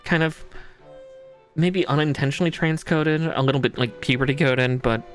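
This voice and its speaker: A woman streaming a dating game, giggling often, lively, and swearing casually as she reacts. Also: low-pitched, normal speed, soft background music. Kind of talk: gaming stream commentary.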